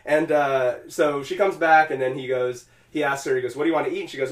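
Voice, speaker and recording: A man's voice: medium pitch, fast, few pauses, echoey room, recorded from a distance. A man co-hosting a podcast, casually retelling a game scene and acting out the characters' lines, swearing freely. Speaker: podcast co-host.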